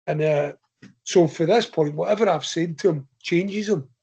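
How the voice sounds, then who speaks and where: A man's voice: on the high side, normal speed, creaky, mellow, breathy edge. A man with a Scottish accent, a podcast guest telling a chatty, rambling anecdote in a casual way and laughing often. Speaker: podcast guest, ultra runner. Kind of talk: casual storytelling. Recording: slightly dull lo-fi podcast audio.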